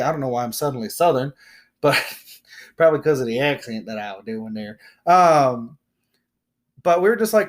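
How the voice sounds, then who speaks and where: A man's voice: fairly high pitch, lively intonation, moderate pace, long pauses. A young man co-hosting a podcast, chatting casually, joking and rambling with free swearing. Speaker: podcast co-host. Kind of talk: casual chat.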